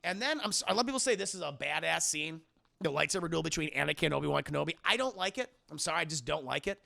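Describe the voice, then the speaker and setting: A man's voice: a little high, lively intonation, racing, gravelly, pushed and bright. A man streaming a casual spoiler film review, crude, profane and rambling, laughing often.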